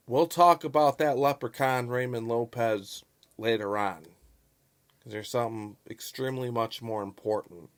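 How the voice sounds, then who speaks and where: A man commenting on a local news story in a vlog, stressing words over and over and swinging between loud bursts and quiet asides. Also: mid-range voice, slow pace, long pauses. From Chicago. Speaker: YouTube commentator. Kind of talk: profane political commentary vlog.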